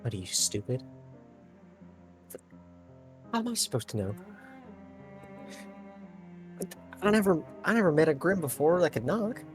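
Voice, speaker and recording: A man's voice: fairly high pitch, big pitch swings, moderate pace, soft background music, pitched above the performer's own voice. A man voicing grumbling people who bicker behind a door. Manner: bickering, grumpy.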